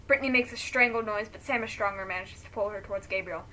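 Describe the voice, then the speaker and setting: Bright-voiced woman reading a story aloud. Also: medium pitch, fast talker. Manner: emotional, breaks off to react. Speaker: reader reacting to a friend's story.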